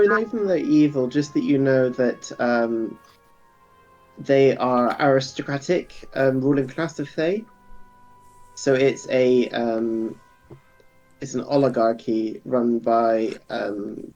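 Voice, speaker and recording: A man as game master of a tabletop game, explaining lore with frequent ums and pauses. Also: medium pitch, darkish tone, lo-fi sound, faint music behind.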